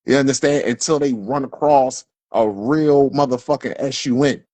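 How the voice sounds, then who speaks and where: A man's voice: mid-range voice, normal speed, warm tone, no room sound. A man delivering a heated, profane livestream rant from Philadelphia, stumbling over repeated words as he builds up. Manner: profane, fiery, repetitive, stammering restarts. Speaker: livestream host.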